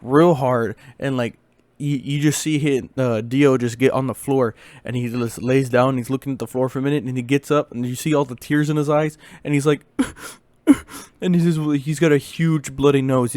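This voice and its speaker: A man's voice: medium pitch, steady tone, brisk, a little mellow, dry recording. A man casually tells a long story from his school days, rambling with many fillers and restarts.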